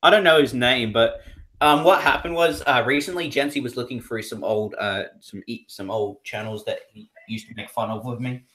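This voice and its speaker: A man's voice: medium pitch, normal speed, fairly bright tone. Rambling young Australian man. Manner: rambling, many fillers and restarts. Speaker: podcast co-host. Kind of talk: casual chat.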